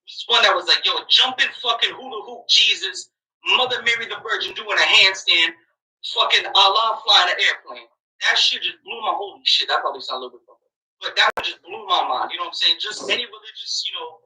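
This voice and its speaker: A man delivering a heated, profane commentary rant, talking fast and swearing constantly. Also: very high-pitched, bright, forceful tone, recorded from a distance, rough recording. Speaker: commentary YouTuber. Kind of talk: ranting commentary.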